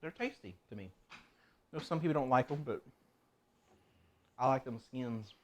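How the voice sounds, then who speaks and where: A man's voice: mid-range voice, lively intonation, normal speed, darkish tone. A man streaming himself cooking in a home kitchen, chatting casually and rambling to himself as he works.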